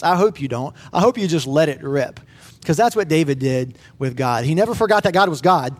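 A man's voice: on the high side, lively intonation, brisk, a little mellow. Earnest man preaching a sermon. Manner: earnest, conversational preaching with fillers and restarts. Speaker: pastor.

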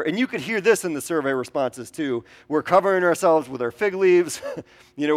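Conversational male pastor preaching. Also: a little high. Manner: conversational, with frequent ums and rhetorical questions to the congregation. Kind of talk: sermon.

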